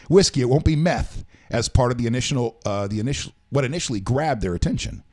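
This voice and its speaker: A man's voice: medium pitch, darkish tone. A man hosting a casual talk show, reading out quotes and rambling with frequent self-corrections. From American South. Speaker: show host. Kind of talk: casual radio show chat.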